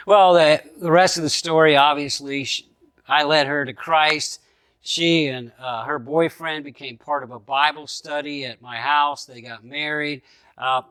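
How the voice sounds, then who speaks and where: Animated male pastor telling a story. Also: a little high, dry recording, studio quality. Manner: animated storyteller who acts out his own thoughts, chuckling at times. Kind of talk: sermon storytelling.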